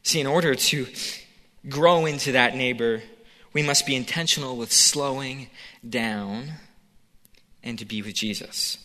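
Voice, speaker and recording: Man, preacher, conversational sermon, bright tone, long hall reverb. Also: medium pitch, a little slow, pauses often. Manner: conversational, acts out the scene in quoted voices.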